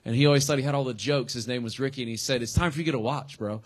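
A man's voice: medium pitch, racing. A man preaching a sermon as pastor in a conversational, slangy way, acting out quotes and everyday exchanges.

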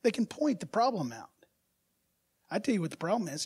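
A man preaching a sermon as pastor, asking his congregation rhetorical questions and swinging from soft asides to loud, emphatic bursts. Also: high-pitched, very animated, fairly quick, slightly rough.

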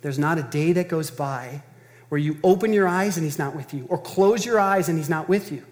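A man's voice: fairly high pitch, normal speed, darkish tone, long reverb tail. A man preaching a sermon as pastor, earnest and emphatic, talking in a conversational way and repeating phrases for stress.

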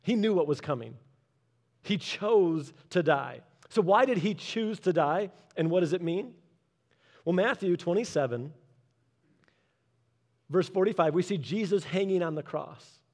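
A man preaching a sermon in a conversational way, adding humorous asides and dropping quiet and slow for the solemn points. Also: high-pitched, lively intonation. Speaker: pastor.

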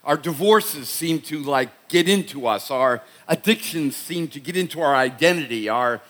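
Man, Boston accent, middle-aged pastor, sermon, conversational storytelling, somewhat high voice. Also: expressive, normal speed, a bit bright. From Boston, USA. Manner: conversational storytelling with repeated restarts.

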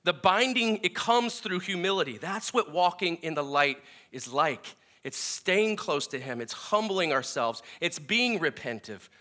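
A man preaching a sermon, earnest and emphatic, often restarting his phrases and swinging between loud and soft. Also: high voice, lively intonation, measured pace, hardly any pauses. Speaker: pastor.

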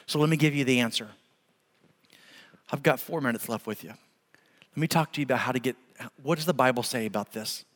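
A man's voice: mid-range voice, a little fast, pauses often. A man in his forties preaching a sermon as pastor, telling a story with emphasis and laughing now and then. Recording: long hall reverb.

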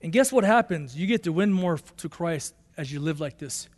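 A man preaching a sermon as pastor, emphatic and repetitive, rising to excited bursts. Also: a little high, normal speed, long reverb tail.

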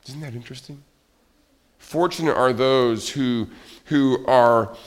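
A middle-aged man preaching a sermon in a conversational, animated way, acting out little everyday scenes. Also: medium pitch. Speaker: pastor.

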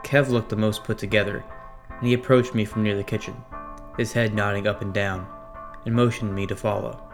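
A man's voice: lowish voice, steady tone, brisk. A man narrating a first-person horror story in a tense, dramatic way. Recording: narration over clear music. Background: music.

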